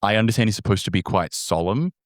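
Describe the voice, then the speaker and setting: A man's voice: on the low side, quick pace, no room sound, clean studio sound. Sarcastic, blunt male podcast co-host. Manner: blunt, sarcastic, swears freely. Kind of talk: casual chat.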